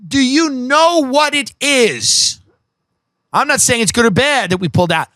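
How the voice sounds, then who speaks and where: A man's voice: extremely high pitch, expressive, measured pace, bright, forceful tone, no room sound, studio quality. A man hosting a podcast, delivering a profane, sarcastic comedic rant that mocks the people he describes. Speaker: podcast host.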